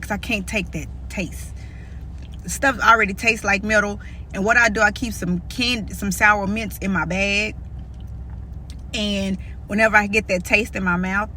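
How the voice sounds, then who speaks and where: A woman talks straight to her viewers in a relaxed, candid vlog chat. Her voice is bright and forceful, at a middle pitch. There is a faint hum of noise behind her. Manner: candid and chatty, calls viewers "y'all". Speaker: vlogger.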